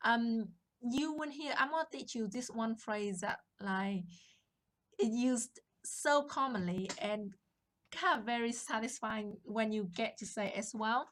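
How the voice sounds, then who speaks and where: A woman teaching a language lesson on a live stream, explaining patiently and greeting viewers from the chat. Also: a little high. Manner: slow, patient explaining with chat shout-outs.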